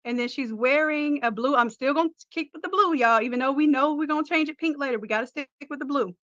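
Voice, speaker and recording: Bright, high-voiced woman hosting a livestream. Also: quick pace, no room sound, lo-fi sound. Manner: chatty, laughing and teasing. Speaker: host. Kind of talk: casual livestream chat and design tutorial.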